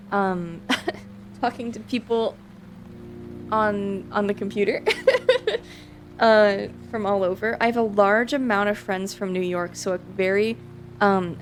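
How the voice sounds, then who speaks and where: A woman's voice: medium pitch, a little hiss or hum. A woman with a Midwestern American accent, chatting casually with viewers on a livestream, giggling often and filling her talk with "like" and "um.". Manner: giggly, lots of "like" and "um" fillers. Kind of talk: casual chat answering viewers.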